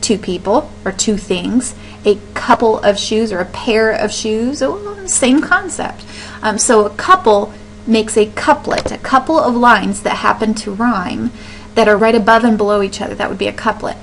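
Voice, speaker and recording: A woman's voice: a little high, moderate pace, slight background noise, poor audio. A woman teaching a recorded lecture over slides, explaining step by step, often asking a question and then answering it herself, with frequent ums and restarts.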